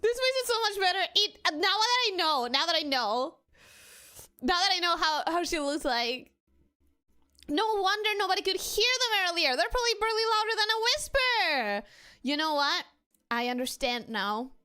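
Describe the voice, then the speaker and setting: A woman's voice: very high voice, lively intonation, normal speed, sharp tone. A young woman streaming a game, chatting casually, greeting viewers by name and making joking asides. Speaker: VTuber streamer. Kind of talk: casual let's-play chat. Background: game music.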